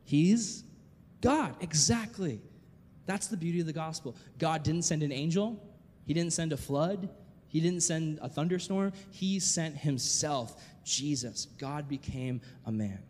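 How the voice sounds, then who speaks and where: A man preaches a sermon with a somewhat high voice and an animated, questioning delivery. He reads scripture aloud between his own remarks. His voice rings with a long reverb, as in a church hall. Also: measured pace, a little hiss or hum.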